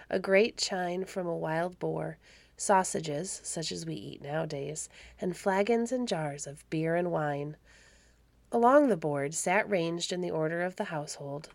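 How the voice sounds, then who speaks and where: A woman reading a classic story aloud in a calm, measured storybook narration. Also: lowish voice, gravelly, no echo. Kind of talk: scripted narration.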